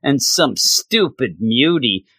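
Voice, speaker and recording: A man's voice: medium pitch, very animated, slow, sharp tone, husky, no room sound. A man hosting a podcast, recapping a comic in a sarcastic, exasperated way with stammering restarts. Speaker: podcast host. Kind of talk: casual comic book recap.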